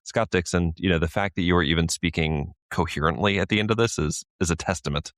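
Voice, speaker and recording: A man co-hosting a sports podcast in a casual, chatty way, laughing often and getting animated when telling a story. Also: low voice, fast, no echo, studio quality. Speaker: podcast co-host. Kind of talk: casual chat.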